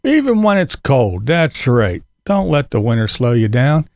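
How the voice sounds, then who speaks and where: A man's voice: medium pitch, very animated, measured pace, a little mellow. A middle-aged man from Pennsylvania hosting casual commentary, rambling and sarcastic, cursing offhandedly. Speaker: commentary channel host. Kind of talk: casual commentary on other creators.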